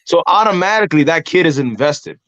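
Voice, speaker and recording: A man talks through wrestling stories in a casual podcast chat, fairly high in pitch and animated, often slipping into the voices of fans and rivals. The sound is dry and a little dull, as if from a modest lo-fi mic. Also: fairly quick, no echo. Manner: animated storytelling, acts out crowd and ring voices. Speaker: podcast host and pro wrestler. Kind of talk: casual conversation.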